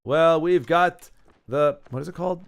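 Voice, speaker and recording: A man's voice: fairly high pitch, moderate pace, smooth. A man giving casual, chatty commentary while playing a card game, thinking aloud and going off on tangents. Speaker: gaming YouTuber.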